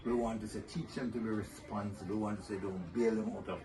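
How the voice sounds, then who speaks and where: An older man sharing fatherhood stories in an interview, gentle and measured, chuckling often. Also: on the low side, fairly even intonation. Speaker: guest. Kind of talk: reflective interview storytelling. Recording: somewhat distant mic with faint noise.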